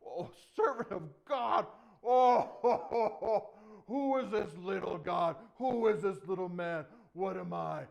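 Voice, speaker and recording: A man's voice: sits high, unhurried, vocal fry, dull audio, pitched above the performer's own voice. A man voicing a huge boastful giant warrior who mocks and bellows at his enemies. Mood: scornful. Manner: loud taunting bellow, clucking at foes.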